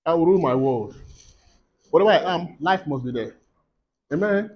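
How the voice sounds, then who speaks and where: High-voiced fervent male preacher. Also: animated, moderate pace, highs cut off. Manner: fervent, swings from quiet teaching to loud declarations. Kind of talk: sermon.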